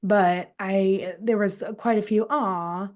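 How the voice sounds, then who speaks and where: A woman with a mid-range voice speaks on a podcast panel in a dry, deadpan manner, underplaying her own reactions. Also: medium pitch, slow. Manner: dry, deadpan about herself. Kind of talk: casual podcast chat.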